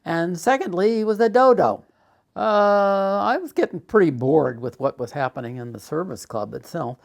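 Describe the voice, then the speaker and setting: A man's voice: a little high, animated, moderate pace, gravelly. An older man recounting a memory from his past, rambling with frequent fillers and acting out the quoted exchanges. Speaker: artist telling his life story. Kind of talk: spoken recollection.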